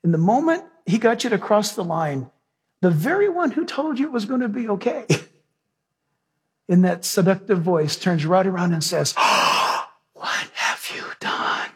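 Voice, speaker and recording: A man's voice: sits high, very animated, normal speed, a little mellow, husky. A pastor preaching a sermon to his church, moving from storytelling into fervent prayer with repeated praise. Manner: preaching with rising emphasis and prayer.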